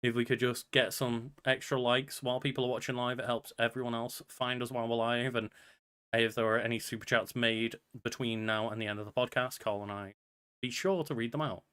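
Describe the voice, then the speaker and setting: A man's voice: mid-range voice, steady tone, brisk, a bit bright, clear, resonant tone. A man co-hosting a podcast in casual chat, upbeat and chatty, often laughing. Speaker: podcast co-host.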